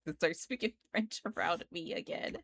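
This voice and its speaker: A woman's voice: fairly low pitch, huge pitch swings, moderate pace, creaky, fairly bright tone, no echo. A woman, chatting casually and giggling as she draws on a live art stream. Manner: giggly, rambling, slangy. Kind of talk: casual chat while drawing live.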